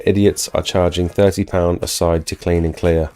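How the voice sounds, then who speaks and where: A deep, mellow-voiced man hosts a live stream and answers questions from the chat in a loose, conversational way. His voice is wearing thin from a recent illness. Soft music plays faintly underneath. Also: flat delivery, normal speed. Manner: chatty, answers viewer questions, frequent restarts. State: losing his voice, getting over an illness. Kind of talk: casual live Q&A about pressure washing.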